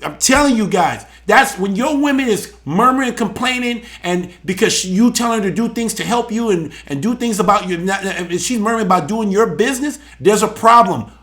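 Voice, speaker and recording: A man's voice: sits high, expressive, moderate pace, hardly any pauses, fairly bright tone. A man hosting a live show, preaching emphatically and animatedly on scripture, often repeating words. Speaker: show host and church elder.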